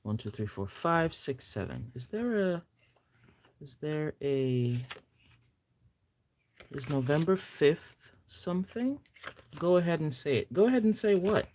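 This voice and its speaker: A woman with a Nigerian accent chatting casually on a live stream, excitable, gasping and teasing her viewers playfully. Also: low-pitched, measured pace, long pauses, slight background noise. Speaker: planner vlogger.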